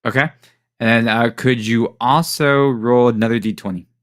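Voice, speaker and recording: A man's voice: mid-range voice, steady tone, normal speed, no room sound, clean studio sound. A man running a tabletop game as game master, narrating casually with many fillers and chuckles.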